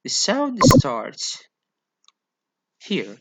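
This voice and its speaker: Slow, hesitant male phonetics lecturer. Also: high-pitched, huge pitch swings, breathy edge. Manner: slow, hesitant, many fillers and repeated okays. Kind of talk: classroom lecture.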